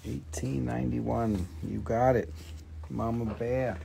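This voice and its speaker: A man's voice: medium pitch, little pitch movement, takes it slowly, creaky, warm tone, a little hiss or hum. A man hosting a live stream, chatting casually and joking as he shows and prices stones for sale. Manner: chatty, jokey salesman talk. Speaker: host selling minerals on a live stream. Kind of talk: casual live sales chat.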